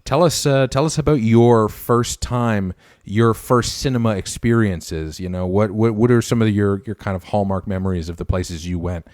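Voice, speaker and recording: A young man from Canada co-hosts a podcast in relaxed chat, now and then reading viewer comments aloud. His voice sits low, and the sound is dry and close with no room. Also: moderate pace, no echo. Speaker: podcast co-host. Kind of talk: casual chat with live chat readers.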